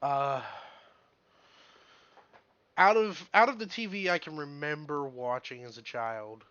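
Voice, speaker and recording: A podcast co-host in casual chat, animated and mock-indignant, swearing freely. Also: medium pitch, slow pace, smooth, dull audio.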